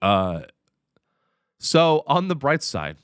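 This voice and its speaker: Sarcastic ranting comedian, lively pitch. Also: male voice, takes it slowly, clean tone, dry recording, clean studio sound. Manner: sarcastic, profane, animated ranting. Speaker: comedian podcast host.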